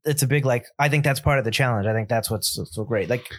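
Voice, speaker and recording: Fast-talking opinionated male podcaster. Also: mid-range voice. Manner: opinionated, quick, animated critique. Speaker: podcast co-host. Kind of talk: casual movie discussion.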